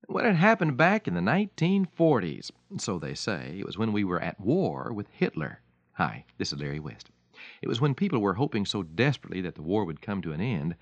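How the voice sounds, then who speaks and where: A man's voice: on the low side, no room sound. A man giving a radio devotional talk as a preacher, telling a story in a folksy, emphatic way. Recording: dull lo-fi radio recording.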